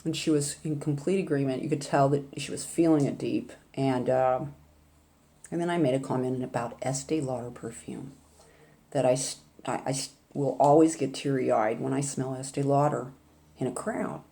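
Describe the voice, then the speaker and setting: A woman's voice: a bass voice, normal speed, creaky, warm tone. An older woman vlogging, telling a rambling, chatty story in a casual way. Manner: rambling, chatty, with laughs and asides.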